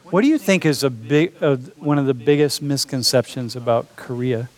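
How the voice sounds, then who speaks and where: A college instructor with a medium-pitched, somewhat mellow voice speaks at a moderate pace in a lecture classroom. His teaching is jokey and casual, and he calls his students dude and bro.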